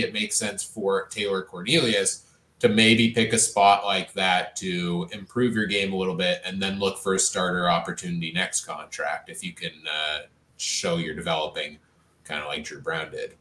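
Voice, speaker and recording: Deep voiced guy breaking down football on a pod, kinda echoey room. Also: bright, forceful tone. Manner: analytical, talks in long flowing runs. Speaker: sports podcast co-host. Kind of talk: casual sports chat.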